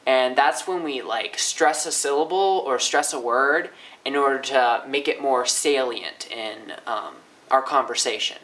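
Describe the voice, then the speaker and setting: A young man teaching linguistics in a casual, upbeat way, often swinging his pitch up and down to demonstrate. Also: unhurried, a bit bright, low-quality recording. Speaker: language teacher. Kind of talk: casual educational explainer.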